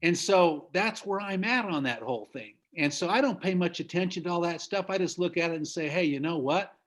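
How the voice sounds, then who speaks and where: A man's voice: high-pitched, lively intonation, brisk, fairly bright tone. A middle-aged man from the United States giving an emphatic motivational business talk over a video call. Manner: emphatic, preachy, laughs at own stories. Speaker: business trainer.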